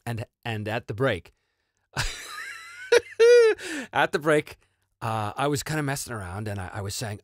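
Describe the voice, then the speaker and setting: A North American man hosts a casual Q&A, telling stories with a very lively rise and fall in his voice. He laughs often and interrupts himself as he talks, and the recording is dry and close. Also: mid-range voice, normal speed, pauses often, dry recording. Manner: animated, laughing, self-interrupting. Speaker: host and voice actor. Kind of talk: casual livestream Q&A and storytelling.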